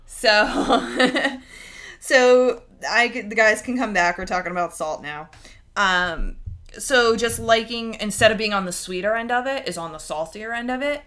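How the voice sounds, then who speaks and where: A woman co-hosting a casual podcast, chatty and animated, who acts out quoted voices as she talks. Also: on the high side, a little slow. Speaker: podcast co-host.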